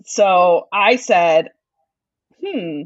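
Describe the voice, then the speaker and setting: A woman's voice: on the low side, lively intonation, very slow, no echo, highs cut off. A woman co-hosting a podcast, speaking in casual chat, hesitant and apologetic. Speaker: podcast co-host.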